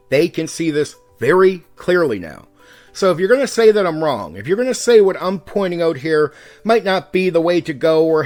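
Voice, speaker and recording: Fired-up man ranting, high-pitched voice. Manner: heated and profane, pushing his points hard; swings between raised and calm speech on purpose. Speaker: YouTube host and game master. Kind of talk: ranting commentary to the camera.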